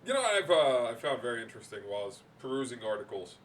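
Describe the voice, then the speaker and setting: A man's voice: medium pitch, very animated, racing, recorded from a distance, a little hiss or hum. A man co-hosting a casual podcast, talking in a dry, dismissive, sarcastic way. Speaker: podcast co-host. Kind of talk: casual chat.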